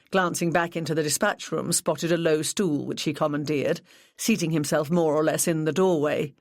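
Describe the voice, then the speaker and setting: Audiobook narrator, measured and even, mid pitch, dry close mic. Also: creaky, no room sound. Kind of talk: scripted narration.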